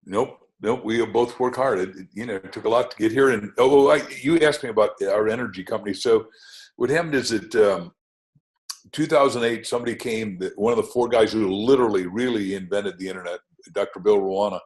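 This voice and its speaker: A man's voice: fairly low pitch, brisk, poor audio. Older man telling rambling anecdotes. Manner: anecdotal, name-dropping, rambling asides. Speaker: podcast guest, author. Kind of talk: podcast interview, enthusiastic storytelling.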